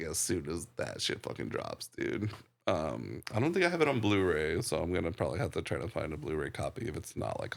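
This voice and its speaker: A man's voice: fairly low pitch, gravelly. A man co-hosting a podcast, chatting casually and rambling about a film, swearing freely and laughing often. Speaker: podcast co-host. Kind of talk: casual movie review chat.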